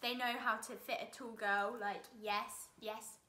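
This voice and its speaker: A woman's voice: on the high side, level tone, a little slow, sharp tone. A woman, chatting casually and giggling as a vlogger. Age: late teens. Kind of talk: casual chat. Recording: roomy echo.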